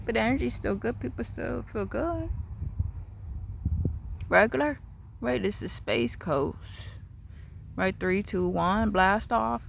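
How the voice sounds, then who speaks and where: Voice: medium pitch, animated, slow, vocal fry, pauses often, a little hiss or hum. A vlogger talking in a casual, rambling, repetitive monologue outdoors in a backyard. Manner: rambling, repetitive, free-associating.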